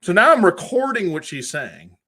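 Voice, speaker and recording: He hosts a collectors' show and sounds thoroughly exasperated as he relates a customer service ordeal, acting out phone calls in quotes. His voice is high, bright and forceful with a breathy edge, very animated at a normal speed.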